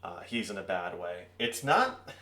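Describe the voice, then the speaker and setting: A man's voice: deep voice, big pitch swings, measured pace, bright, forceful tone. A young man narrating a tabletop game as game master, in a casual, wry way.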